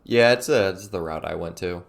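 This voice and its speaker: A man's voice: low-pitched, moderate pace, gravelly. A man co-hosting a podcast, reacting casually with short replies and laughs while talking about a game. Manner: laid-back listener, short reactions and laughs. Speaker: podcast co-host.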